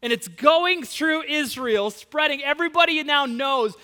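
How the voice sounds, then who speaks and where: A male preacher retelling a story in an animated, casual sermon full of slang asides. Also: very high-pitched, a little slow. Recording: long hall reverb.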